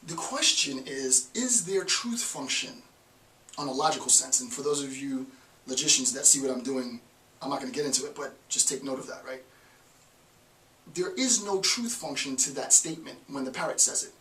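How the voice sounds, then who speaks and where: Expressive and sharp-toned, at a normal speed and medium pitch, a man lectures informally on philosophy, chatting conversationally and repeating phrases to stress points. The room echoes, the mic sits far away, and there's a faint hiss.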